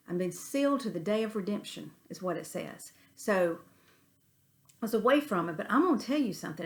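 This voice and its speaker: A middle-aged woman leads a Bible study. She speaks earnestly and with animation, weaving in folksy stories and asides, in a voice of ordinary middle pitch.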